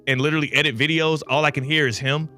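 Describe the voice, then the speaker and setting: A man hosting a talk radio show, telling a long story with lively, animated delivery. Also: a little high, fast talker, faint music behind. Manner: lively anecdotal telling with bursts of laughter. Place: radio studio.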